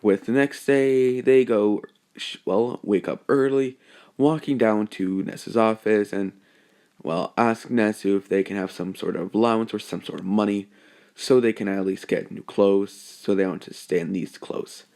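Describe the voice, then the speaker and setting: A man's voice: lowish voice, steady tone, moderate pace, darkish tone. A young man narrating a fan story off the cuff, rambling with many fillers and self-corrections.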